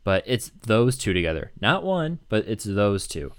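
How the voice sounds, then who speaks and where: A man chatting casually, rambling and excited as he lays out a fan theory, with many fillers. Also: lowish voice, moderate pace, clean tone, dry recording, clean studio sound. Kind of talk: casual chat.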